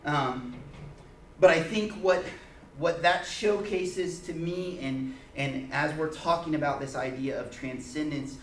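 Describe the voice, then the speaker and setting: A man leading an informal church teaching, telling a personal story in an earnest, halting way with many restarts. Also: fairly high pitch, fairly bright tone. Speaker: church group leader. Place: church meeting room. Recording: echoey room, mic far off, faint hiss.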